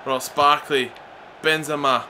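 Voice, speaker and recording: A young man with a high, bright, tense voice commentates on a football video game at home. He is excitable, shouts at his players, and drops into grumbling in between. Faint hiss sits under the voice. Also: slow pace. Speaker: gaming YouTuber.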